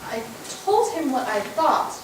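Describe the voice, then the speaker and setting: A sly, evasive male schemer, voiced by a woman in stage Shakespeare, with a high, lively pitch and clipped answers. It is recorded from far off in a reverberant hall. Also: measured pace, a little hiss or hum. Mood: guarded. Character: cunning lying male ensign, guarded. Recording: roomy hall, distant mic.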